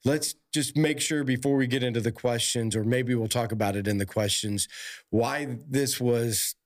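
A man co-hosting a podcast in casual chat, playful and quick to laugh. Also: mid-range voice. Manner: playful, laughs a lot, animated impressions. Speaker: podcast co-host.

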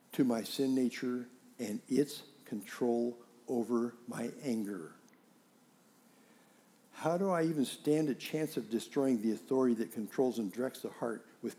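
Man preaching with animated storytelling. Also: medium pitch. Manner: storytelling with acted dialogue, animated emphasis. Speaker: pastor. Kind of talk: sermon.

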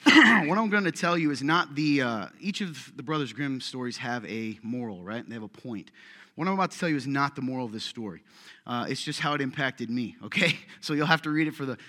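A man's voice: medium pitch, pushed and bright. A man preaching a casual sermon, telling a story and joking with his congregation. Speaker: pastor. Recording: hall reverb.

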